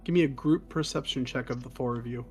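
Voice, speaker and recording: A man narrating as game master, calmly asking players what they do. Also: medium pitch, fast talker, music in the background.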